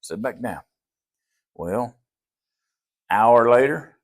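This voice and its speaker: An older man, a pastor with a Southern Appalachian accent, tells folksy stories in a podcast interview, drawling and acting out quoted voices. His lowish voice has vocal fry and moves at normal speed.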